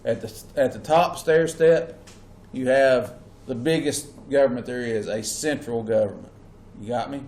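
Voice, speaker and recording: A man's voice: medium pitch, a little slow, darkish tone. Man lecturing a class. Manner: checks in with students often. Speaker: teacher. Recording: echoey classroom with faint hum.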